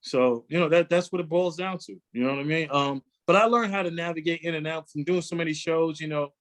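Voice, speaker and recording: A man in his forties, a comedian telling animated stories in a casual interview and slipping into quoted voices. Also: on the high side, fast talker. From New York. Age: 40s. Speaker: guest comedian.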